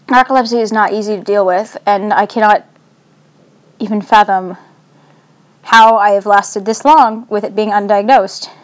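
A young adult vlogger talking into a phone in a casual, anxious, rambling way. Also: medium pitch. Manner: anxious, rambling, self-deprecating.

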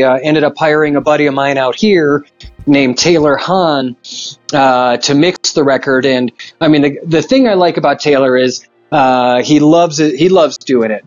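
Man, band member, rambling casual chat, slightly high, muffled audio. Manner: rambling with many fillers.

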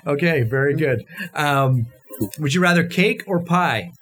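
A man co-hosts an interview in a playful, laughing manner, firing off quick questions. His voice sits a little high for a man. Clear noise and clicks run under his line. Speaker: co-host. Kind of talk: casual interview chat.

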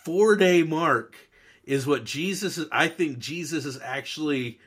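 A man co-hosting a casual Bible discussion podcast, lively and joking, acting out quoted lines. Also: on the high side, a little slow, slightly rough. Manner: animated, jokey, acts out quotes. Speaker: podcast co-host.

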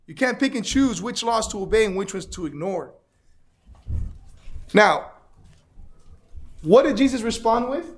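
A man's voice: high voice, animated, measured pace, pauses often. A man teaching an interactive Bible lesson, asking the class questions and repeating their answers.

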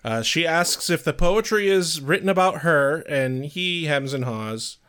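Halting man co-hosting a chat. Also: fairly high pitch, expressive, a bit bright, clear, resonant tone. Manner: hesitant, frequent uhs, casual swearing. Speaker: podcast co-host. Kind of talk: casual chat.

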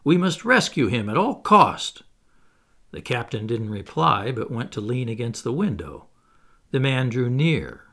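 Guy reading an old adventure novel aloud, gravelly voice, lots of melody. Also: medium pitch. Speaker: audiobook narrator. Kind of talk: scripted first-person narration of a classic novel.

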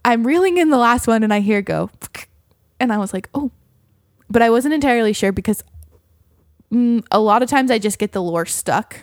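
A woman with a fairly high voice tells a story in casual chat, bubbly and quick to laugh as she acts out the quotes. The sound is dry and close, with no room echo. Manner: animated, laughing often, acting out quotes.

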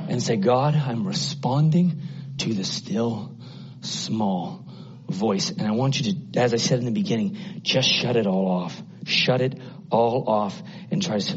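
A man preaching a sermon with passion, dropping to a hush and then climbing loud and high. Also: unhurried, dull audio, a little hiss or hum. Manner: impassioned, swinging from hushed to loud and high.

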